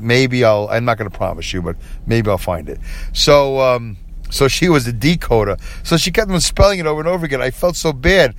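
Self-mocking man rambling on his podcast. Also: medium pitch. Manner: self-deprecating, chuckles often, animated when quoting himself. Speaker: podcast host. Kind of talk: rambling solo podcast monologue.

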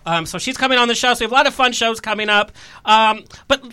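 A man's voice: extremely high pitch, fast talker, sharp tone, clear, resonant tone, rough recording. A man hosting a chatty radio talk show in a studio, flamboyant and theatrical, with sassy quips. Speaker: podcast host. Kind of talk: campy chat show hosting.

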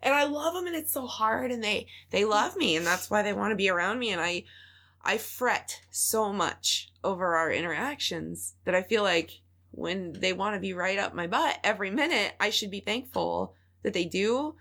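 A woman's voice: medium pitch, lively intonation, normal speed, a bit bright. Candid American woman podcast host. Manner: candid, laughs easily, swears casually. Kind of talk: casual conversation.

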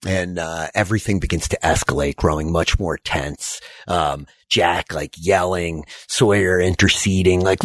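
A man narrating as game master of a tabletop role-playing game, telling the story in a relaxed way full of fillers. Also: low-pitched, a little slow, few pauses, no room sound, clean studio sound.

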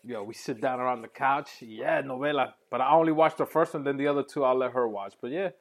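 A man's voice: medium pitch, fast talker. Laid-back man telling stories. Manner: relaxed storytelling, mixes in Spanish phrases. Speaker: podcast co-host. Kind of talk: casual chat.

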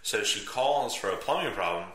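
A man's voice: on the low side, animated, moderate pace, fairly bright tone. Rambling young man in an echoey room. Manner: rambling, laughing, filler-heavy. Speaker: podcast guest. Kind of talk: drunk storytelling chat. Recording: echoey room with faint noise.

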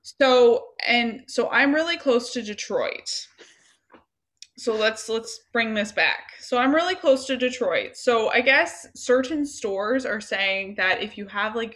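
A woman's voice: medium pitch, fairly bright tone. A young woman co-hosting a casual chat podcast, rambling with lots of fillers and repeating herself. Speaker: podcast co-host.

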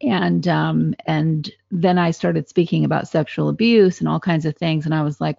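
Low, gravelly woman podcast co-host. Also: dry recording, dull audio. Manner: animated and candid, quick asides, laughs easily. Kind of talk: casual podcast chat.

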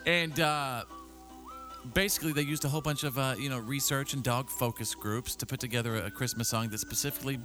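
A man's voice: medium pitch, fairly quick, sharp tone, soft background music. A man hosting a morning radio show, reading odd news items with playful jokey asides in a studio. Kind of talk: joking radio banter.

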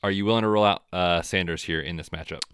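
A man co-hosting a podcast, chatting casually about football with a relaxed, chatty manner. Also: sits low, fast talker, smooth, dry recording, clean studio sound. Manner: relaxed, chatty, frequent fillers. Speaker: podcast co-host. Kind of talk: casual sports chat.

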